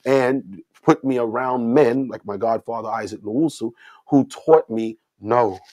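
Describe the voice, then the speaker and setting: Middle-aged male host from New York City, mid-pitched, emphatic storyteller, dry booth sound. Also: measured pace, a little mellow, dry recording. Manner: emphatic, repeats himself, asks "right?" for agreement. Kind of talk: casual conversational storytelling.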